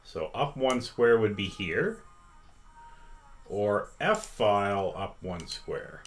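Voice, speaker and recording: A man's voice: lowish voice, big pitch swings, soft background music. A man teaching chess on a live stream, patiently reading out viewers' votes and inviting them to join in. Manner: slow, patient, reads out chat votes. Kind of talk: interactive live-stream lesson.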